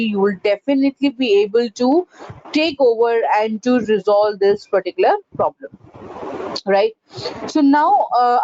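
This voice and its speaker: Woman trainer with a high voice teaching pronunciation, stopping often to ask "right?", dull lo-fi sound. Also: darkish tone. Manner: instructive, with frequent "uh, you know" and "right?". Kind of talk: online training session. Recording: dull lo-fi recording.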